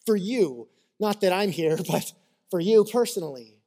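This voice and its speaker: A man's voice: high-pitched, lively intonation, moderate pace, warm tone. A man preaching a sermon in a conversational, storytelling way, acting out little scenes and checking in with his listeners. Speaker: pastor.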